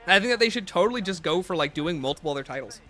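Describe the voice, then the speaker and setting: Male streamer, slightly high bright voice, casual joking banter over faint music. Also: animated, very fast. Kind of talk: live gameplay commentary, reading chat. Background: faint game music playlist.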